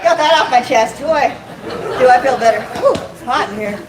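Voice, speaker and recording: This stand-up comedian has a high voice and keeps a normal speed, running self-deprecating bits laced with swearing and cracking up at her own material. The comedy club recording is distant, echoey, and noisy with the crowd.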